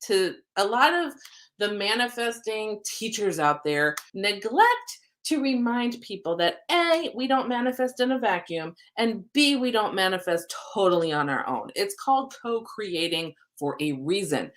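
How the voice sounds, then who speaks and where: A woman's voice: medium pitch, sing-song, measured pace, fairly bright tone. Chatty woman host, oracle card reader, upbeat and rambling on a livestream. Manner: chatty, rambling, frequent ums; spiritual, upbeat. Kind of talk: live-streamed card reading.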